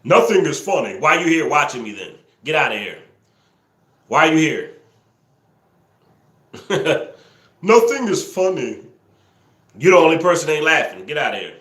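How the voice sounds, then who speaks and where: A man hosting a live stream, teasing viewers and scolding trolls in the chat, sometimes yelling excitedly. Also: on the high side, moderate pace, pauses often, reverberant. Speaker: livestream host. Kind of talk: casual live-stream commentary, talking to the chat.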